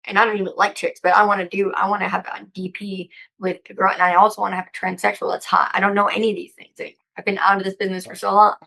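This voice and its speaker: Female interview guest, gravelly tone, excitable and profane, rambling delivery. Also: medium pitch, very fast, hardly any pauses, poor audio. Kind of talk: casual interview chat.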